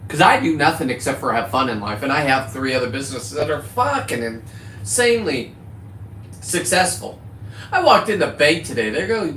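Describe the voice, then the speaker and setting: A middle-aged man talking casually on his livestream, rambling from topic to topic in a loud, profane, boisterous way. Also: fairly high pitch, sing-song, moderate pace, reverberant, a little hiss or hum. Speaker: livestreaming content creator.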